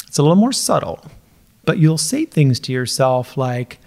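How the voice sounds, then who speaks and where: A man's voice: mid-range voice, sing-song, normal speed, darkish tone. A middle-aged man hosting his own podcast as a coach, talking casually and laughing now and then. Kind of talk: casual solo podcast talk.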